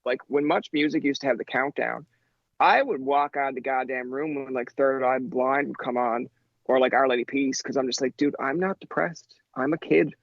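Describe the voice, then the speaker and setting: A man in his thirties talking casually on a podcast. He tells stories in an animated way, acts out what people said, and fills his speech with "like.". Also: mid-range voice, normal speed, vocal fry, dry recording, dull audio. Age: 30s. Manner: animated storyteller, acts out quotes, says "like" a lot.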